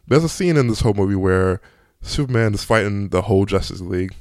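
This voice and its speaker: Male movie reviewer, casual and eager, slightly low pitch, dry room. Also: fast, no echo. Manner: excitable, chatty, frequent ums and restarts.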